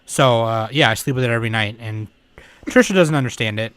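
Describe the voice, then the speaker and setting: A man hosting a podcast in casual chat, excitable and swearing freely. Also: mid-range voice, a little fast, no echo. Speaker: podcast host.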